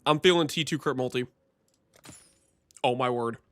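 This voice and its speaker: A man streaming a game live, chatting casually with viewers in an excitable, teasing way and laughing often. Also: medium pitch. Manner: excitable, teasing, quick to laugh and banter with chat. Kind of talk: casual live gameplay commentary to chat.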